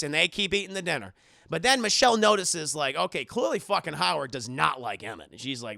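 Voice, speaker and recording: A man streaming a casual film retelling to his chat, animated and often restarting his sentences. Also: on the high side, fairly quick, creaky, no echo, clean studio sound.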